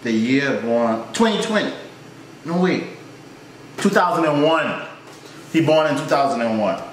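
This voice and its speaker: Young man joking loudly at a video. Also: a little high, animated, measured pace. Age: 20s. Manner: loud, joking, swears and talks back to the screen. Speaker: reaction video host. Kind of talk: casual reaction commentary. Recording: echoey room, faint noise.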